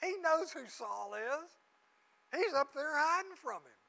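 A man's voice: extremely high pitch, measured pace, creaky, rough recording. A man preaching a sermon, telling the story vividly and acting out the people he quotes. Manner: animated storytelling, acts out quotes. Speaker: pastor.

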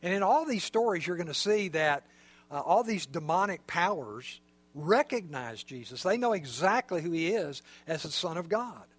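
A man's voice: fairly high pitch, lively intonation, moderate pace. A man preaching a sermon in a conversational, explanatory way, with frequent fillers. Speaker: pastor.

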